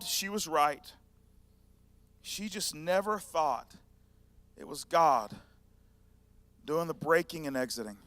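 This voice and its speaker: Animated man preaching a sermon. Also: on the high side, takes it slowly, pauses often, no echo. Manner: animated storytelling, acting out scenes. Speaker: pastor.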